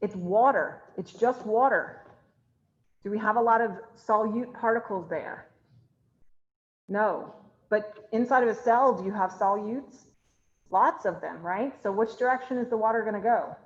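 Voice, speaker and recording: Chatty woman, 30s, chemistry instructor on a video call; ordinary pitch, slightly muffled lo-fi audio. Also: unhurried. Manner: chatty, asks the class questions and answers them herself. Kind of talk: online class lecture. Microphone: computer mic on a video call.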